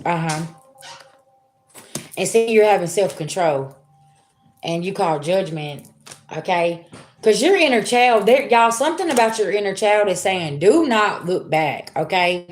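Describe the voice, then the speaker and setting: A woman's voice: medium pitch, lively intonation, a little slow, pauses often, slight background noise. A middle-aged woman giving a casual spiritual reading to her viewers, talking to them as y'all in a chatty, laughing way. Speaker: spiritual reader. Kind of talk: casual tarot reading livestream.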